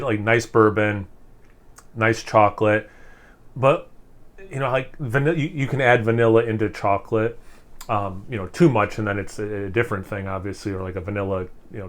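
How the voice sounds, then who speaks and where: A man's voice: fairly low pitch, fairly bright tone. A man doing a casual beer tasting review, enthusiastic and rambling, full of fillers and restarts as he sips and savors. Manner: speaking while sipping and savoring.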